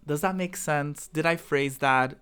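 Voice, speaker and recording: A Southern American man chats loosely on a game stream, wandering off topic, restarting sentences and replying to his viewers' chat while he plays. His voice sits a little high and sounds sharp, clear and resonant, and he doesn't rush.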